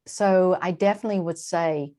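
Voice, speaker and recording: Earnest, animated woman on a video call. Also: fairly low pitch, normal speed. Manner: animated, earnest, frequent restarts and laughs. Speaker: interview guest, translator and poet. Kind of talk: reflective conversational interview.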